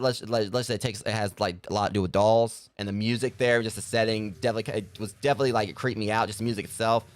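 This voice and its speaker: A man's voice: on the low side, dry recording. A man streaming a video game and chatting casually about it, rambling with lots of filler words and restarts. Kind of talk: casual gameplay commentary.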